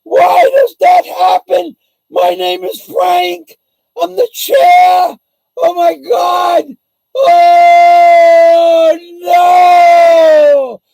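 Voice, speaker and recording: A self-pitying whiner shrieks his complaints in a shrill, very high voice. He shouts and wails with grating, gravelly edges. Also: fairly even intonation, extremely slow, dry recording, some chatter behind, heavily acted, rough recording. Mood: wailing. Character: whiny self-pitying man playing the victim.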